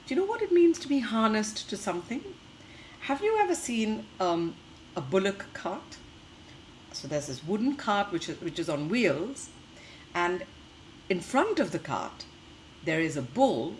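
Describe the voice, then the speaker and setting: Woman teacher, gentle questioning read-aloud for young kids, low voice, very lively pitch, unhurried pace, faint room noise. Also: poor audio. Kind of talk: reading aloud and explaining a story to children.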